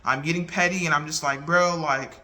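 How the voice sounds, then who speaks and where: A man talking casually to the camera, recounting a falling-out in an earnest, halting way with many restarts. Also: a little high, fairly even intonation, sharp tone, slight background noise. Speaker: vlogger.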